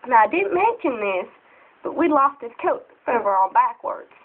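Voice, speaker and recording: A young girl telling funny stories to camera, giggly and excitable, often jumping into squeaky voices. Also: normal speed. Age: child. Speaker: storyteller. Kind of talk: casual storytelling to camera. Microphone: phone. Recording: tinny phone recording.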